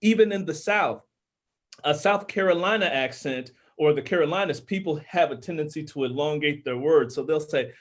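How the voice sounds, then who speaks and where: A man's voice: fairly high pitch, moderate pace. A man from Minnesota, an author and audiobook narrator, explaining his craft earnestly in casual panel chat, with a tenor voice and many restarts.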